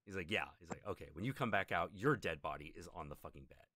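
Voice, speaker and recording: This man talks fast in a low voice while hosting a stream, spinning a lengthy story and performing each quoted character with animation. There's a little hiss or hum in the audio.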